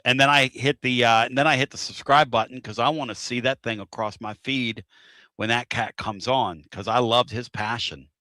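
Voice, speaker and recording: A man's voice: medium pitch, fairly even intonation, normal speed, bright, forceful tone, no echo, studio quality. A man hosting a casual live-stream talk show, talking in a rambling, folksy way and repeating himself. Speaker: show host.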